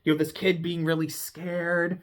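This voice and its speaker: A speaker casually recapping a TV episode, excitable and profane, laughing often. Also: medium pitch, moderate pace. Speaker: TV show reviewer.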